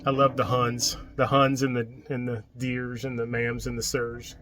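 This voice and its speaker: A man's voice: medium pitch, level tone, a little slow, over music. A man narrating a casual travel vlog from a small boat, talking in a rambling, easygoing way with frequent restarts. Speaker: vlogger and boat captain. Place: outdoors on a small boat on a waterway. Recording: boat engine and water noise.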